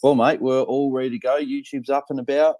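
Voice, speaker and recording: A man's voice: medium pitch, flat delivery, fairly quick, mellow, dry recording. A man with an Australian accent co-hosting a casual fantasy football podcast, chatty and blokey, with plenty of fillers and restarts. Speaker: co-host.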